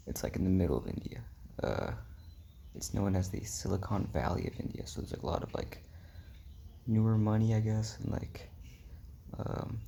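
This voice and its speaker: A man's voice: fairly low pitch, vocal fry, dark tone, slight background noise. A young man telling a rambling travel story in a casual vlog, full of "like" and "um", slipping into whispery asides. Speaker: travel vlogger.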